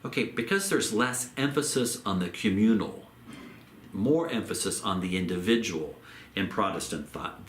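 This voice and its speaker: Guy teaching theology, lowish voice that swings around a lot, roomy echo, bit of faint hum behind. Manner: measured, repeats phrases for emphasis, slows on key terms. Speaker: theology lecturer. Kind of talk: recorded lecture.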